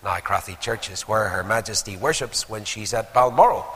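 A man's voice: on the low side, normal speed, big-room sound. A man preaching a sermon, telling stories and firing rhetorical questions at the congregation. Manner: animated storytelling with rhetorical questions.

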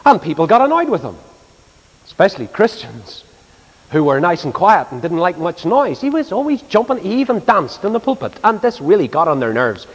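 Animated preacher man in a reverberant hall. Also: high-pitched, fairly quick, slightly rough. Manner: animated, swinging from loud exclamations to hushed tones. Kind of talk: storytelling sermon. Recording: long reverb of a large hall.

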